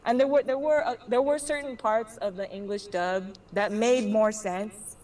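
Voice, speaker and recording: A woman in a casual chat, telling an animated story full of slang and frequent laughs. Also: medium pitch, moderate pace, distant mic. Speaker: guest on a live drawing stream.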